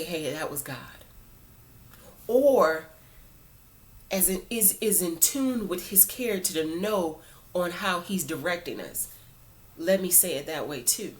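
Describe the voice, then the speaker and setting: A woman talking earnestly and informally to camera in a casual faith talk, preaching a little as she goes. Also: fairly low pitch. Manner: informal phrasing with many fillers. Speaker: Christian vlogger.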